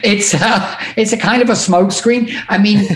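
Candid English guest, mid-pitched, roomy echo. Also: male voice, normal speed. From England. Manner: candid, wry storyteller. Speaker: interview guest. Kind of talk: casual interview chat.

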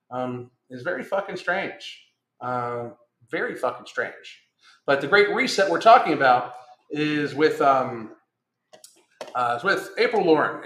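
A man's voice: a little high, a bit bright. A middle-aged man hosting a casual podcast livestream, blunt and profane, rambling as he reads chat comments. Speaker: podcast host reading live chat. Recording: roomy echo.

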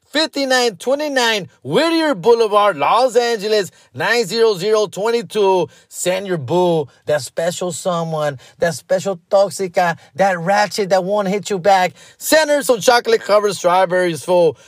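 A man putting on a punchy, high-pitched radio ad announcer voice, full of slang. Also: expressive, unhurried, hardly any pauses, no room sound, studio quality. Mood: hyped. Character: hyped-up male radio ad announcer.

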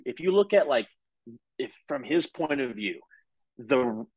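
A man's voice: medium pitch, lively intonation, measured pace, darkish tone, no room sound, dull audio. A man co-hosting a casual sports podcast, talking in a loose, rambling way full of "like" and "uh" and swearing freely. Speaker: podcast co-host.

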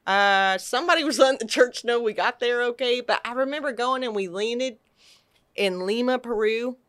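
A middle-aged woman from Texas telling an animated personal story on a podcast, acting out quotes and restarting her sentences. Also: fairly high pitch, normal speed. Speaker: podcast guest. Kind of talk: casual storytelling.

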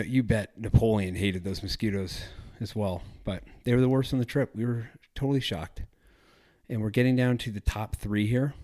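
A man's voice: fairly low pitch, darkish tone. A man hosting a travel podcast, chatting casually in a rambling, self-correcting way. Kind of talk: casual solo podcast talk.

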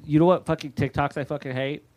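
A man's voice: a little high, fast. An American man co-hosting a podcast in casual banter, rambling and profane as he tells stories. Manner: rambling, profane, animated storytelling. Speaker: podcast co-host.

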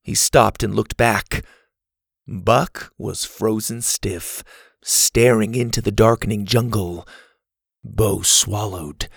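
A man narrating a children's adventure storybook with a steady, expressive reading. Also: fairly low pitch, slow pace, gravelly, husky, no room sound, clean studio sound.

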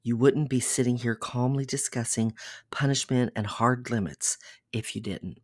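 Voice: mid-range voice, moderate pace, dry recording, studio quality, close to an everyday voice. A reader voicing an intense, controlling young man. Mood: persuasive.

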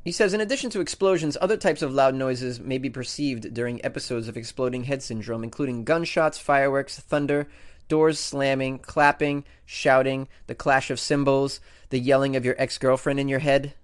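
Brief: male radio host, mid pitch, joking and sarcastic, mock-incredulous news riffs. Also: steady tone, moderate pace. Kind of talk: comedic talk radio news chat.

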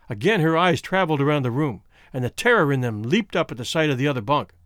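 A male audiobook narrator with a fairly high voice and animated, varied intonation, reading a classic story. The recording is close and dry with no room sound. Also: dry recording. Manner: expressive, measured narration.

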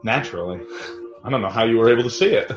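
A man's voice: mid-range voice, rapid-fire, music in the background. A man co-hosting a podcast, chatting crudely and laughing as he comments on a movie. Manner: animated, crude, laughing, acts out quotes. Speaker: podcast co-host. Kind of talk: casual movie commentary chat. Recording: roomy, dull lo-fi podcast audio.

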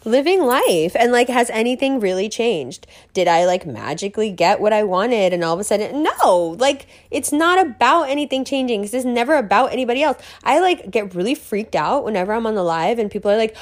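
Brief: higher-voiced woman, stream host, bubbly and gushing, swears casually, "like" in every phrase. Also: animated, a little fast. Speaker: host of her own live stream. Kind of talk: casual motivational monologue. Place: sitting on a velvet couch in a room full of bamboo.

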